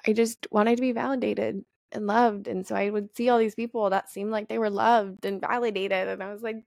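A young adult woman hosting a solo podcast, telling personal stories in a candid, profane, animated way. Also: medium pitch, fast talker, gravelly, no echo, studio quality. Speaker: podcast host. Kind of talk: casual solo podcast monologue.

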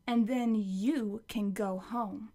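A woman playing an angry, defiant thirteen-year-old boy in an audiobook, speaking in sharp, clipped retorts. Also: medium pitch, steady tone, slow pace.

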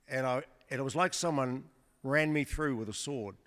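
Man guest preacher, mid pitch, conversational and wry, long hall reverb. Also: moderate pace, fairly bright tone. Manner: chatty, joking, with many restarts. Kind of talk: storytelling sermon testimony. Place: church service before a congregation.

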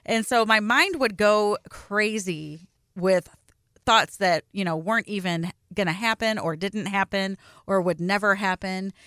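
Candid woman, bright clear voice. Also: medium pitch, a little slow, no room sound, clean studio sound. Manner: candid, confessional storytelling with quoted self-talk. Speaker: podcast co-host. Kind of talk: casual chat.

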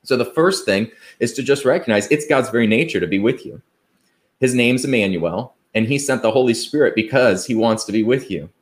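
A man's voice: medium pitch, animated, brisk. A man preaching an earnest, conversational sermon, asking rhetorical questions and quoting scripture. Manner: conversational, with fillers and restarts.

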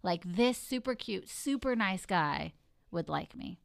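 Chatty woman, expressive storyteller, smooth and a bit low-pitched. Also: unhurried, no room sound, clean studio sound. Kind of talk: casual chat.

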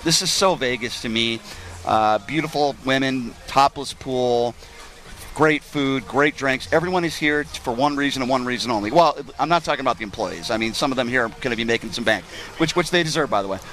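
A man's voice: medium pitch, a little fast, a bit bright. A man hosting a live talk show from an outdoor pool, chatty and joking as he rambles on. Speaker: radio show host. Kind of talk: casual live broadcast chat. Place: outdoor pool at a Las Vegas club.

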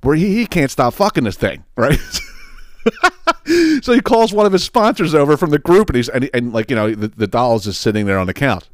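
A podcast host delivers a rambling, profane storytelling monologue, laughing often and acting out the scenes. His mid-range voice is expressive and a little fast, recorded dry with studio quality.

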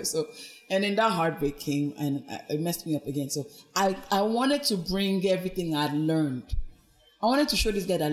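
A woman speaking as a podcast guest about her own experiences. She tells her story in an earnest, reflective way. She brings the quoted voices of others to life with lively, expressive shifts in pitch. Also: normal speed. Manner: animated, acts out quoted speech with big pitch swings. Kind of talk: personal storytelling in conversation.

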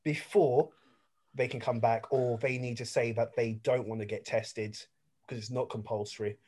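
A man's voice: mid-range voice, fairly even intonation, normal speed, darkish tone. A young English man hosting a podcast, chatting casually and rambling through stories with lots of fillers. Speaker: podcast host. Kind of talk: casual chat.

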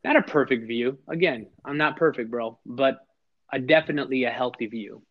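A middle-aged man speaks earnestly as a podcast guest, his voice neither high nor low. He often repeats a word before his thought settles. The recording is slightly muffled and lo-fi. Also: moderate pace. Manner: earnest, emphatic, repeats words when starting sentences. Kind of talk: heartfelt conversational storytelling. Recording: slightly dull lo-fi sound.

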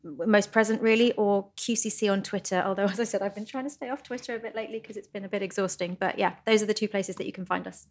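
A woman's voice: medium pitch, steady tone, fast, hardly any pauses. Podcast guest, a woman with an ordinary mid-range voice, friendly and earnest, a little hesitant. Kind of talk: casual interview chat.

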